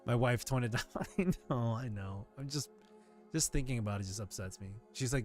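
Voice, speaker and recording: A man's voice: mid-range voice, a little fast, darkish tone, faint music behind. A man streaming live in casual chat, rambling and ranting with frequent swearing.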